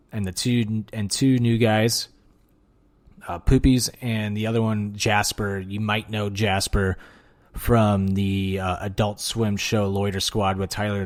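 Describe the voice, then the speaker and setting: A man hosting a podcast alone, talking casually and excitedly, with lots of swearing and filler words. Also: lowish voice. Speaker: podcast host. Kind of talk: casual solo podcast monologue.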